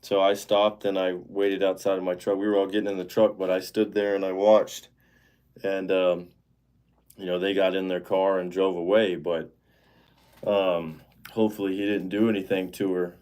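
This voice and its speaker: A man's voice: low-pitched, little pitch movement, normal speed, a little mellow. A man hosting a livestream, talking in a rambling, casual way with lots of fillers and restarts, and getting heated and indignant. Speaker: live-stream host.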